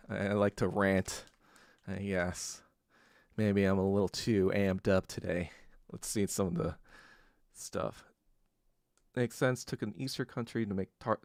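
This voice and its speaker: A man's voice: fairly low pitch, creaky, pushed and bright, dry recording, clean studio sound. A man hosting a podcast, ranting casually with lots of swearing and laughing between phrases. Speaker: podcast host. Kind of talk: casual solo rant.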